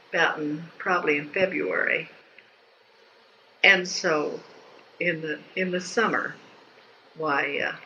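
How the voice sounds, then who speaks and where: An older woman with a lowish, sharp-toned voice rambles through family memories in a folksy oral history interview, frequently restarting her sentences. The dull lo-fi home tape carries a little hiss or hum and faint ambience.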